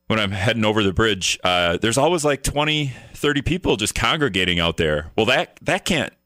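A man's voice: fairly low pitch, very animated, fairly quick, sharp tone, no room sound, studio quality. A man hosting a live talk radio show, chatting casually on his own, rambling, correcting himself and joking with sarcasm.

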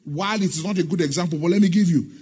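A man's voice: sits high, fast talker, darkish tone, breathy edge. A middle-aged man preaching a sermon in an emphatic, sing-song way, asking the congregation questions and acting out the dialogue in his stories. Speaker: pastor.

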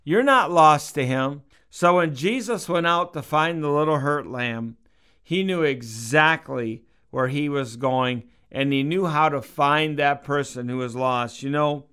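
A man giving a radio sermon, telling a personal story in an earnest, gentle way and slowing down on key phrases. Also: a little high, clear, resonant tone. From Canada. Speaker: radio preacher.

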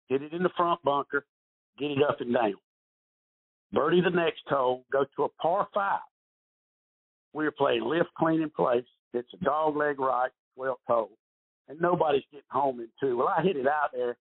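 Man, older, husky voice, rambling anecdotes, phone-line audio. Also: a little high. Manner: rambling anecdotes with many restarts. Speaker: golf pro guest. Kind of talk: storytelling in a podcast interview.

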